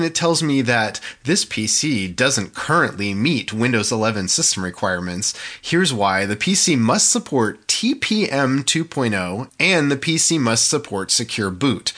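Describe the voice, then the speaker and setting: Male podcast co-host, bright voice, casual and halting. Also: mid-range voice. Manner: hesitant, many restarts and fillers. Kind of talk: casual tech podcast chat.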